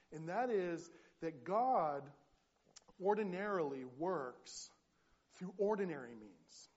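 A man preaching a sermon as pastor, earnest and halting, with frequent restarts as he tells a story. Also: high voice, darkish tone, dull audio.

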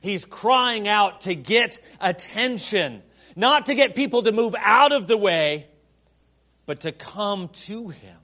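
Pastor, male, high voice, unhurried delivery; dramatic sermon with soft prayerful passages and loud emphatic peaks. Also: lively intonation.

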